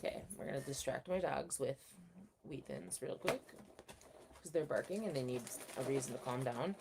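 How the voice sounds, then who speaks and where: A woman's voice: very deep voice, normal speed, a little mellow, a little hiss or hum. A young woman hosting a casual livestream, chatting and reading out viewer comments in a rambling, friendly way. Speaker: livestream host. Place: home room.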